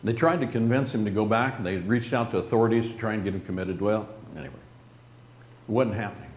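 A middle-aged man telling a personal story earnestly and haltingly, his voice dropping soft at grave moments. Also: lowish voice. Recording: roomy echo with faint noise.

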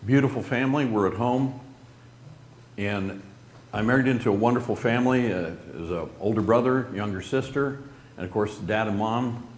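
A middle-aged man telling a personal story earnestly and haltingly, his voice dropping soft at grave moments. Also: lowish voice. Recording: roomy echo with faint noise.

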